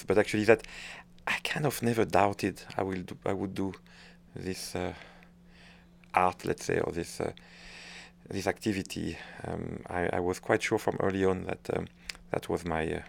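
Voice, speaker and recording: A French conductor, middle-aged and from France, answers interview questions in a deep voice with vocal fry, fairly even intonation and a normal pace. His French-accented replies are hesitant, full of restarts as he searches for words.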